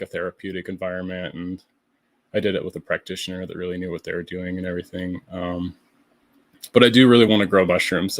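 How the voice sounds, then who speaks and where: A man speaking as a podcast guest, relaxed and thoughtful, with plenty of "like" and "you know". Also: low voice, no echo. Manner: relaxed, thoughtful, many fillers. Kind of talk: casual chat.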